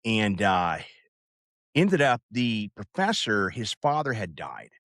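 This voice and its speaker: A man's voice: on the low side, big pitch swings, slow, a bit bright, dry recording, studio quality. A man in his fifties casually telling a personal story, rambling with lots of fillers and asides. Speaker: podcast host.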